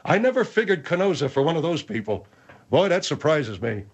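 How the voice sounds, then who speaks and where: A man's voice: fairly high pitch, sing-song, fairly quick, dull audio. A man hosting a call-in comedy radio show, indignant and wry, rambling through his complaints.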